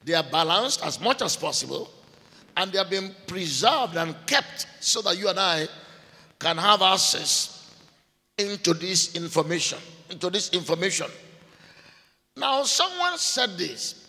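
A man teaching a sermon in a deliberate way, repeating key phrases and spelling out names letter by letter. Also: high-pitched, sing-song, vocal fry, bright, forceful tone. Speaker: preacher. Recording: long hall reverb.

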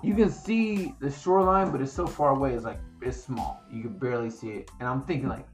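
A man's voice: mid-range voice, a little fast, few pauses, soft background music. A man hosting a podcast in casual chat, telling a story animatedly with plenty of swearing and acted-out quotes. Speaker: podcast host.

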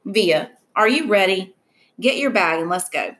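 A woman's voice: mid-range voice, animated, measured pace, a bit bright. A woman reading aloud as a stern, exasperated but teasing father.

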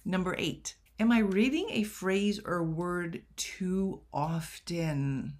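A young woman talks through her editing checklist at an unhurried pace. Her tone is chatty, and she keeps asking rhetorical questions and making self-deprecating asides. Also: lowish voice, darkish tone. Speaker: writing coach. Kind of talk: casual editing tutorial.

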